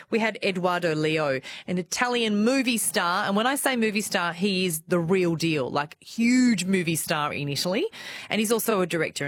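A woman's voice: lowish voice, no room sound. An Australian woman, middle-aged, hosting an afternoon radio show in a bubbly, enthusiastic, chatty way. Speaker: radio host. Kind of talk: lively radio presenting.

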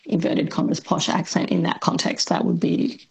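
An Australian woman, a linguist, explaining on a radio talk show in a measured way with many pauses and fillers. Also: lowish voice, steady tone, creaky, husky, poor audio. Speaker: linguist guest.

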